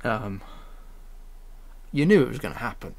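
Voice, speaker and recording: A man's voice: mid-range voice, expressive, moderate pace, vocal fry, a little mellow. A man rambling casually with frequent fillers while he edits his own animation at a home computer. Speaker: animator editing his own fan series. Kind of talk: casual editing commentary.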